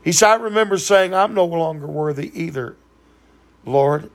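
A man preaching, slowly and earnestly retelling another man's testimony. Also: a little high. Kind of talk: sermon storytelling.

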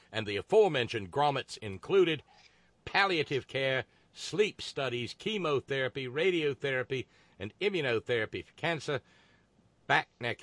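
Male talk host, animated delivery, dry asides while reading listener mail; dry booth sound. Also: medium pitch, no echo. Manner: reads figures aloud with dry asides, some stammering.

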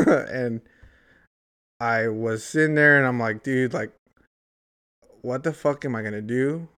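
His voice is mid-range, a touch bright, clear and resonant, and he takes it slowly. The young man is casually telling a lengthy, rambling story, cussing without restraint and saying "like" and "dude" over and over.

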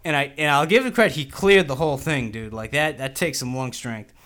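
A man's voice: mid-range voice, fairly quick, a bit bright. A young man telling a rambling, profane story in casual chat, peppering it with "dude".

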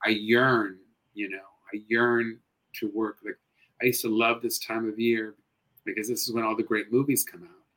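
A middle-aged man, a guest actor and comedian, chatting casually in an interview, expressive and animated, swinging between loud and hushed. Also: on the low side, moderate pace, low-quality recording.

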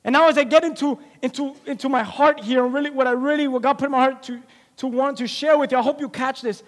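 A man's voice: very high-pitched, steady tone, quick pace, in a large hall. A man preaching a sermon, emphatic and repetitive, asking the listeners rhetorical questions.

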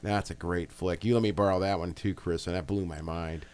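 A man's voice: deep voice, fairly even intonation, a little fast, darkish tone, smooth. A man co-hosting a casual podcast, blunt and joking, swearing freely. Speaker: podcast co-host. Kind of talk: casual group chat.

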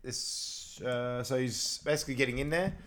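A man's voice: medium pitch, normal speed. A man co-hosting a podcast, recapping a film in casual chat, often laughing and acting out scenes. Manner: laughing, animated retelling with acted-out quotes. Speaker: podcast co-host.

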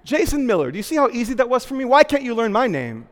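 A man voicing a rude, indignant woman who scolds a stranger in a shrill tone. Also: big pitch swings, quick pace, long reverb tail.

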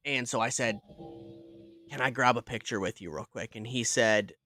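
A man's voice: medium pitch, moderate pace, bright, forceful tone, faint music behind. A man co-hosting a horror podcast, telling a celebrity anecdote in casual, swearing chat. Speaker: podcast host.

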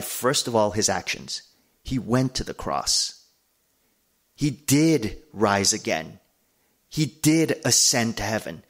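A man delivering a sermon as a pastor, speaking earnestly at a mid-range pitch. He builds his points through long repeated lists and steady emphasis.

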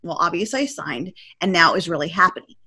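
A woman's voice: fairly low pitch, fast, husky. A woman in her forties, a podcast guest, telling her story casually and acting out her own panicked quotes. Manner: animated, acts out her past self's panicked quotes.

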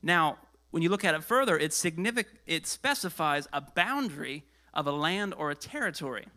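At a normal speed and with a voice on the high side, a male pastor gives a lively sermon. His delivery alternates loud stretches with hushed asides, and he ends up out of breath.

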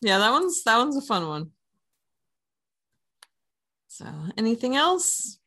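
A woman co-hosting a podcast, chatting casually about films she watched. She laughs often, tells stories excitedly, and says she is tired with a headache. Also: a little high, slow pace. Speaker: podcast co-host.

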